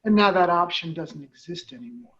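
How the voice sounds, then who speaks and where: Here the nonprofit head sounds expressive and brisk, her fairly low voice taking on a fairly bright tone. Hosting a conversational interview, she rambles with many fillers and restarts, recorded with dull, lo-fi sound.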